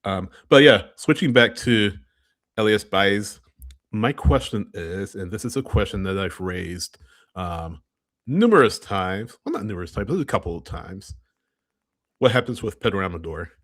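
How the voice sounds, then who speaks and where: A man's voice: fairly low pitch, lively intonation, moderate pace, fairly bright tone, no echo, studio quality. A man co-hosting a casual sports podcast, chatty and laughing often, correcting himself as he goes. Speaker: podcast co-host. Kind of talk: casual chat.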